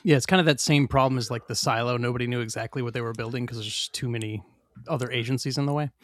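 A man co-hosting a podcast, talking in an animated, rambling way with many fillers. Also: mid-range voice, fast, no echo, studio quality. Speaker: podcast co-host. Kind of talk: casual chat.

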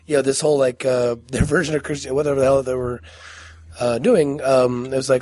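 A man's voice: medium pitch, fast talker, a little mellow. A man co-hosting a podcast in casual chat about a horror short, rambling and hedging with lots of fillers. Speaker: podcast co-host.

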